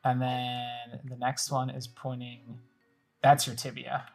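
A woman's voice: very deep voice, monotone, slow, gravelly, a little mellow, soft background music. A woman podcast host chatting casually while playing a video game, describing everything on screen as she goes.

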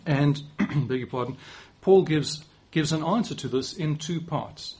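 A man's voice: on the high side, a little slow, darkish tone, breathy edge. A man in his forties with a South African accent, giving a conversational sermon with occasional restarts and light self-deprecating humor. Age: 40s. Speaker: preacher.

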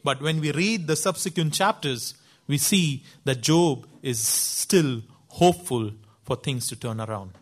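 A man preaches a sermon at a slow, deliberate pace. His voice sits fairly high, and he stresses words emphatically as he tells the story. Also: animated.

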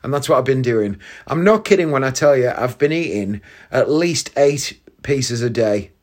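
A man's voice: medium pitch, expressive, moderate pace. A man hosting a casual solo podcast, chatty and self-mocking, laughing at his own jokes. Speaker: podcast host.

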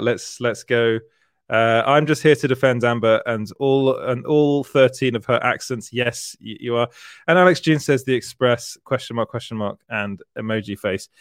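A man's voice: medium pitch, no room sound, studio quality. A man hosting a casual livestream, reading out viewer comments and chatting, laughing often and rambling a little. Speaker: livestream host, entertainment journalist.

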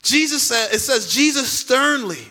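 Bright, high-voiced preaching man. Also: animated, unhurried, soft background music. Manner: emphatic preaching with repeated key lines. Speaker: pastor. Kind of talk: sermon.

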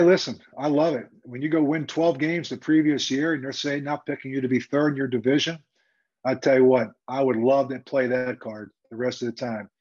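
Husky-voiced former coach, lo-fi. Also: male voice, medium pitch. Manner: animated, conversational, with frequent fillers. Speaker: former football coach and TV analyst. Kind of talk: storytelling interview answer. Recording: dull lo-fi sound.

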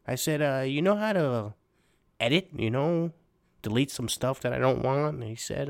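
A man's voice: medium pitch, lively intonation, normal speed, creaky. A young man hosts a comedic podcast in a loose, streetwise manner. He rambles through his stories, padding them with fillers and restarts, and keeps a tough-guy swagger throughout. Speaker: podcast host.

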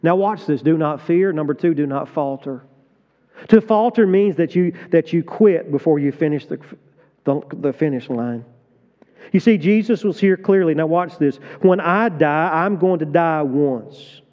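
A male pastor preaching a sermon with passion, swinging from hushed tones to loud emphatic peaks. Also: fairly high pitch, a little slow. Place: large church hall. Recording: dull sound, long hall reverb.

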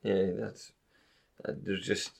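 A young man co-hosts a casual podcast. His voice is low and full of vocal fry. He talks in an easygoing way, laughs often, and drops crude asides. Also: flat delivery, slow pace. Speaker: podcast co-host.

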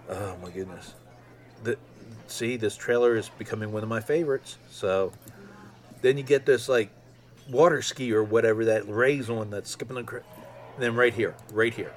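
Excitable rambling man around fifty. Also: lowish voice. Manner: excitable, rambling fan talk with many ums. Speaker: podcast host. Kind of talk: casual solo podcast monologue.

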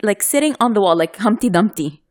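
A woman from the United Arab Emirates telling a story in a casual chat, animated and laughing often. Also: mid-range voice, brisk.

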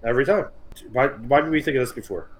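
A man's voice: medium pitch, fast, rough recording. A man co-hosting a podcast in casual comedic chat, rambling and swearing as he riffs on absurd ideas. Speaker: podcast co-host.

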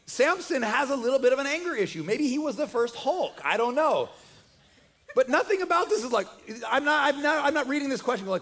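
A preacher with a fairly high male voice tells a story in a loose, chatty sermon. He jokes as he goes and keeps the retelling lively and conversational. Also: brisk. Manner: joking, conversational, animated retelling.

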